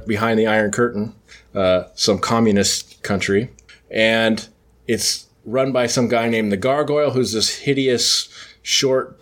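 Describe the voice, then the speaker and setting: A man hosting a podcast, casually recapping a comic book story in a rambling way, full of fillers and self-corrections. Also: mid-range voice. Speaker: podcast host.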